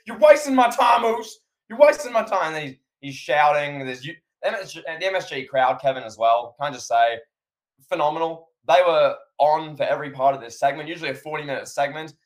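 A male podcast co-host with a mid-range voice, talking casually and with enthusiasm. He keeps turning to his co-host by name and speaks in a loose, chatty way. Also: medium pitch.

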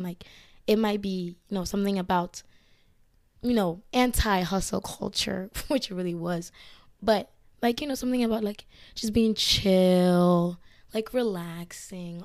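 A young woman hosting a casual podcast, hoarse from losing her voice to illness, rambling with lots of fillers. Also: medium pitch, no echo, studio quality. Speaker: podcast host. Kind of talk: casual chat. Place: indoors, filmed for a video podcast.

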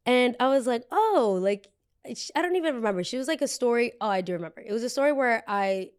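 Animated young woman telling a story. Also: fairly high pitch, quick pace, smooth. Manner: animated, quotes others in raised voices. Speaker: podcast host. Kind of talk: casual storytelling.

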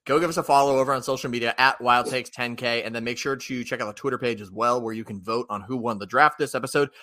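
A young man hosts a casual podcast chat. His voice is bright and forward, and he rambles with lots of fillers and restarts. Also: medium pitch, steady tone, fast. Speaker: podcast host.

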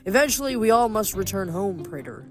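A reader voicing a boastful male giant hunter who talks in a smooth, persuasive way. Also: medium pitch, big pitch swings, a little fast, close to an everyday voice. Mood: smooth menace.

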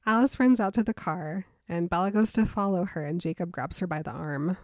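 A woman's voice: fairly low pitch, a little fast, dry recording, studio quality. A woman co-hosting a casual podcast, retelling a book's scenes and acting out the quotes. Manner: storytelling, acts out quotes with little voices. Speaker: podcast co-host recapping a book.

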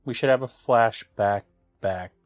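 A man's voice: lowish voice, unhurried, no room sound, faint music behind. A man co-hosting a podcast, tossing in short, dry reactions and quips while his partner recaps an episode. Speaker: podcast co-host. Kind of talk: casual chat.

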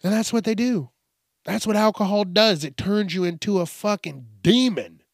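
A man's voice: high-pitched, normal speed, dry recording, clean studio sound. A man hosting a podcast, ranting crudely with constant swearing and mock voices for the people he quotes. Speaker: podcast host. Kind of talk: profane comedic rant.

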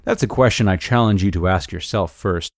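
A man with a low voice reads a blog post aloud as a podcast host. His delivery is calm and measured, and the close, dry studio recording has no room sound. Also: dry recording.

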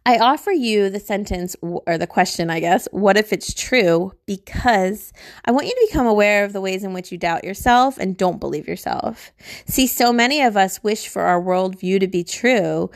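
A woman talks through a spiritual lesson on her podcast in a relaxed, chatty way. Her voice sits in the middle of the range, and she fills her sentences with likes and ums. She sounds informal and conversational. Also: medium pitch, normal speed, dry recording, clean studio sound. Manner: chatty, informal, with fillers and laughs. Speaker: podcast host and spiritual teacher. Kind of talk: casual podcast teaching.

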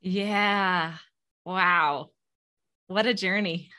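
A woman's voice: lowish voice, fairly even intonation, extremely slow, crowd noise. A woman hosting a podcast interview, encouraging her guest and asking questions. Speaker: podcast host.

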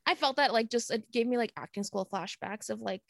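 A woman's voice: a little high, fairly quick, gravelly, no room sound. Giggly comedian woman, dry close sound. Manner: giggly, acts out quotes in bursts. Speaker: comedian guest. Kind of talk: casual podcast chat.

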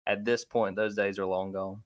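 Low-voiced man hosting sports talk. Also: level tone, moderate pace. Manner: conversational, restarts often. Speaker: podcast host.

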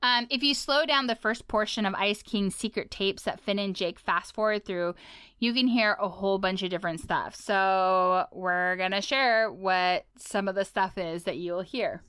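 A woman's voice: mid-range voice, normal speed, a bit bright, clear, resonant tone, dry recording, studio quality. A woman co-hosting a casual podcast, chatting and reading trivia aloud with a giggly, playful manner. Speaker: podcast co-host. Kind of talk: casual chat.

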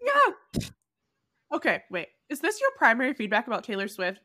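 A woman's voice: on the high side, huge pitch swings, normal speed, sharp tone. A woman co-hosting a podcast, teasing her guest in casual, playfully judgmental chat. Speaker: podcast co-host.

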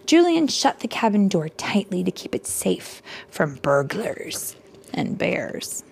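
A woman reading a picture book aloud to children in a soft, hushed voice that often drops to a whisper, stopping to ask her listeners questions. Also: lowish voice, big pitch swings, slow pace, creaky, slight background noise. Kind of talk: soft-spoken storybook reading.

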